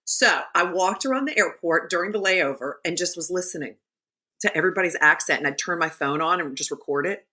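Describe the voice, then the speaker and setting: A woman telling a story as a podcast guest in casual chat, animated and chatty. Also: fairly low pitch, brisk.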